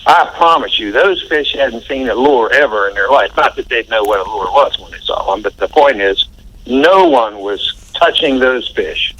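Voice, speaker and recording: Older man with a bright, forceful voice. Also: mid-range voice, animated, moderate pace, low-quality recording. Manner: chatty, laughs while recounting, folksy. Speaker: interview guest. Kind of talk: anecdotal storytelling interview.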